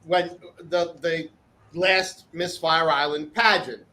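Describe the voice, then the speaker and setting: A man co-hosts a relaxed talk show over a video call, winding through an anecdote with fillers and restarts. His voice sits high and sounds bright and forward. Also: slow pace, rough recording. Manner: rambling with many fillers. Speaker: co-host. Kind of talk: casual video-call chat.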